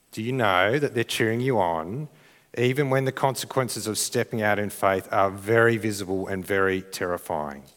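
A man preaching a sermon in a conversational, earnest way, often restarting his phrases. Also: medium pitch. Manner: conversational, restarts phrases, rises to shouted crowd cheers. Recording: long reverb of a church hall.

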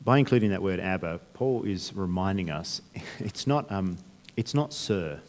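A man's voice: low voice, expressive, normal speed, a little mellow, big-room sound. A man preaching a sermon, talking conversationally with restarts and rhetorical questions. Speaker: pastor.

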